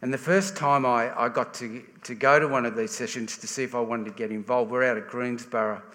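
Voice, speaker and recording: A man's voice: mid-range voice, steady tone, fairly quick, fairly bright tone. An Australian man giving a sermon in a conversational way, often restarting his sentences. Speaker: preacher. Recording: reverberant church hall.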